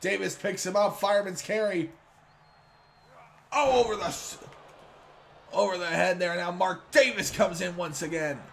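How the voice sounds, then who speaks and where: A man giving play-by-play wrestling commentary for a video game series, with excitable announcer hype. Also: high-pitched, normal speed, creaky, long pauses, a little hiss or hum.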